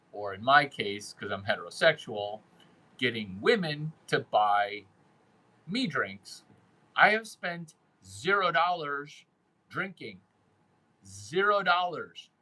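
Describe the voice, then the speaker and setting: A man's voice: mid-range voice, pushed and bright, low-quality recording. A man hosting a casual monologue, brash and crude, who repeats phrases for emphasis. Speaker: host giving dating and sales advice.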